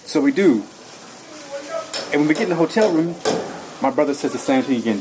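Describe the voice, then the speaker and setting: A man telling a personal story in an interview. He rambles in an animated way and acts out his own lines as he goes. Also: fairly high pitch, fast talker, long pauses. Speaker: interview guest. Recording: noisy recording.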